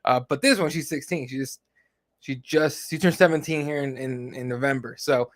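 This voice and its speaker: A man's voice: mid-range voice, fairly even intonation, normal speed, fairly bright tone. A man in his thirties co-hosting a podcast, telling long family stories in casual, profane chat. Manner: profane, rambling storyteller. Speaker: podcast co-host.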